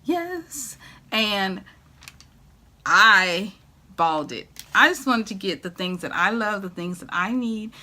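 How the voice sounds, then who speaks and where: A woman's voice: mid-range voice, animated, moderate pace, sharp tone. A middle-aged woman, chatting to camera in a home decor vlog, gushing and laughing often. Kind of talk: casual chat to camera.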